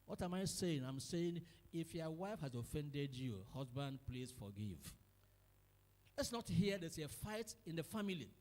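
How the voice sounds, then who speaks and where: High-voiced Nigerian preacher, emphatic. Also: male voice, expressive, unhurried, a little mellow, big-room sound. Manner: emphatic preaching, acts out quarrels in quoted voices. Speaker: pastor. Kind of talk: sermon. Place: church.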